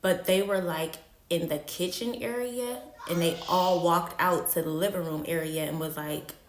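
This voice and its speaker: A woman's voice: lowish voice, moderate pace, reverberant, slight background noise. A woman telling a personal story in a casual vlog, slangy and candid, repeating phrases for emphasis. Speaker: storytime vlogger.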